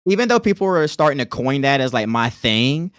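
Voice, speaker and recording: A man's voice: mid-range voice, very animated, a little fast, a bit bright, dry recording. A man from North Carolina with a light Southern twang, chatting in a laid-back way as a podcast guest. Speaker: podcast guest, content creator. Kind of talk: casual interview chat.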